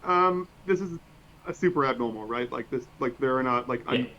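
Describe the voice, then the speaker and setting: A man's voice: mid-range voice, normal speed, bright, forceful tone. A man playing a tabletop game, eager and thinking aloud with lots of fillers. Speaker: player. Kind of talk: casual tabletop game chat. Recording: dull lo-fi mic, faint hiss.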